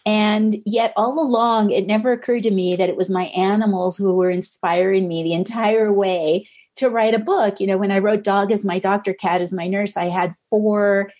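A middle-aged woman author speaking as a podcast guest, earnest and gently reassuring. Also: mid-range voice, fairly even intonation, moderate pace, few pauses. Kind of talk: podcast interview conversation.

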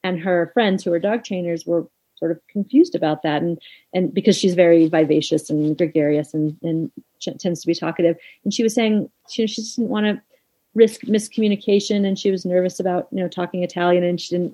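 Low, mellow-voiced woman guest. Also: fairly even intonation, brisk, rough recording. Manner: thoughtful, reflective, with many fillers. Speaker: interview guest, author. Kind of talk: conversational interview.

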